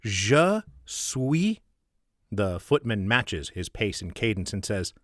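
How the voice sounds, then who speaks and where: Give me a low, dry-sounding man narrating the stage directions of his screenplay in a wry, measured table-read style. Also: no room sound. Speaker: author reading his own script.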